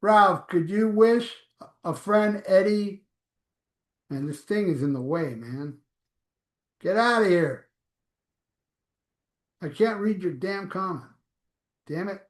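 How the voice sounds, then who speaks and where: A man's voice: high-pitched, expressive, slow pace, long pauses, reverberant. A man hosting a live stream, reading viewer comments aloud in a blunt, offhand, profane way. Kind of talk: casual live chat.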